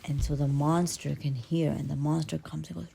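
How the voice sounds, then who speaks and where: A woman telling an original children's story in a playful, animated way, swinging between hushed and loud. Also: low-pitched, normal speed, vocal fry, breathy edge.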